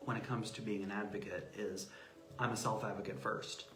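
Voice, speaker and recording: A man speaking as an interview guest about self-advocacy, telling stories with lively acted-out quotes. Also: on the low side, brisk, soft background music. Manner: animated storyteller acting out quoted voices. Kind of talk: casual interview talk. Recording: roomy echo.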